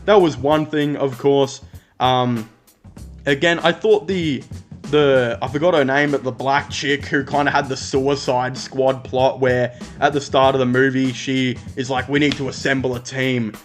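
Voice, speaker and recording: A man's voice: mid-range voice, steady tone, measured pace, faint music behind. Blunt, rambling Australian man. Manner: rambling and blunt, swears freely. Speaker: movie reviewer. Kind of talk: casual video review.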